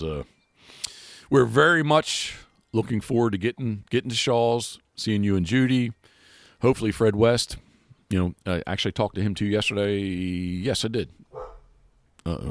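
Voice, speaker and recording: Male podcast host, deep and dry-miked, loose rambling chat full of restarts. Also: no echo. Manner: rambling, many restarts and fillers. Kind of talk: casual chat. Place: outdoors.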